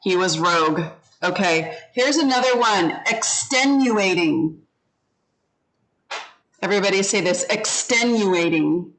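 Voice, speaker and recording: An ESL teacher with a mid-range, fairly bright voice gives an English vocabulary lesson on a rough recording. Slowly and patiently, she explains what words mean and has the class repeat each one after her.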